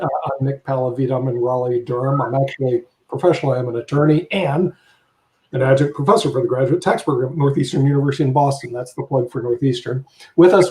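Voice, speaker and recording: A man's voice: mid-range voice, dark tone, reverberant, rough recording. A man hosting a live online panel, introducing guests with jokes and rambling, repeated words. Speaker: show host.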